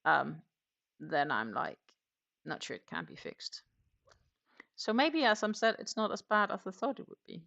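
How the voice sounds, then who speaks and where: A woman with a low, gravelly voice that still has a bright, sharp edge chats casually on a live crochet stream. She rambles from one thought to the next and answers viewers' comments as she works. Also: huge pitch swings, a little slow, pauses often, highs cut off. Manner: chatty, rambling, reads viewer comments aloud. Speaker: crochet livestream host. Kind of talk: casual chat while crocheting.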